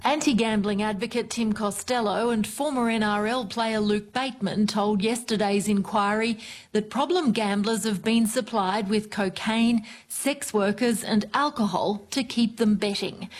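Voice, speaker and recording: A woman voicing a news report in a clear, even scripted read. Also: mid-range voice.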